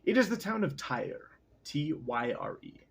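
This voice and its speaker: A man voicing a playful yet menacing male pharaoh in a casual read-aloud of a novel, with a husky, lively voice. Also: on the high side, measured pace, full character voice. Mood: lecturing.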